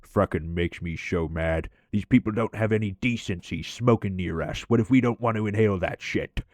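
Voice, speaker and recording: Man doing a foul-mouthed chaotic coworker, low voice, dry sound, ranting. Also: normal speed, a little mellow, no room sound, close to an everyday voice. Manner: profane ranting. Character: crude chaotic grumpy male coworker, adult.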